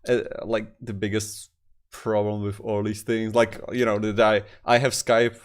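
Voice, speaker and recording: A man, a podcast co-host, chatting casually in halting sentences with many fillers. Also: lowish voice, level tone. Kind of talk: casual chat.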